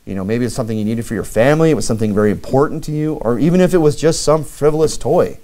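Male pastor, mid-pitched, chatty sermon delivery, fills with "you know," acts out quoted lines. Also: racing. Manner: conversational preaching, many "you know" fillers, acts out lively quoted dialogue.

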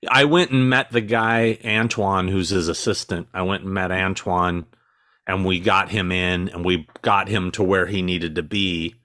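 A man's voice: sits low, steady tone, measured pace, sharp tone, no echo. A man with a dry, sarcastic sense of humor, telling stories as a guest in a casual podcast interview.

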